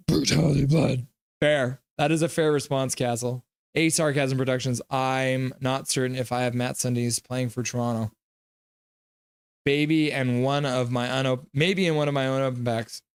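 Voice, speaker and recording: A man's voice: mid-range voice, smooth, dry recording, clean studio sound. A man hosting a live hockey reaction stream, reading viewers' chat messages aloud, joking and slipping into play-by-play calls. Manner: chatty, jokes and breaks into play-by-play.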